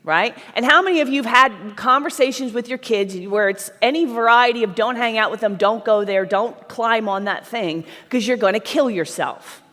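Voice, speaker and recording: A middle-aged woman, a sales trainer at a conference, runs a blunt, emphatic seminar for a live audience, frequently checking in with "right?". Her voice is on the high side, bright and forceful, at normal speed with few pauses, and a large hall's long reverb surrounds it.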